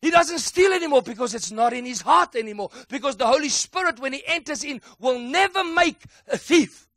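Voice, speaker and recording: A man preaching a sermon with emphatic call-and-response delivery that builds to excited shouts. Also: extremely high pitch, a little fast, dry recording, studio quality.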